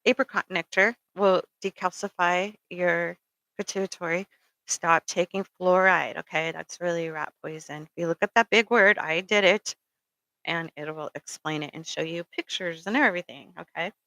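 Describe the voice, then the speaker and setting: A woman's voice: lowish voice, steady tone, normal speed, bright, forceful tone, dry recording, rough recording. A middle-aged woman giving rambling, casual spiritual advice, full of ums and checking in with "okay?". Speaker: spiritual speaker.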